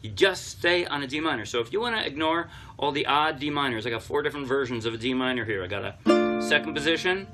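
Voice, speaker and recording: A man giving a casual ukulele tutorial, explaining chords and strums step by step in a relaxed, chatty way. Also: mid-range voice, quick pace, faint music behind. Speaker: ukulele teacher. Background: loud ukulele playing.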